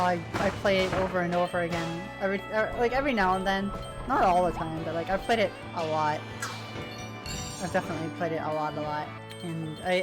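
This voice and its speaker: A woman streamer in casual chat, rambling and sentimental, with lots of fillers. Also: on the low side. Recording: music playing behind.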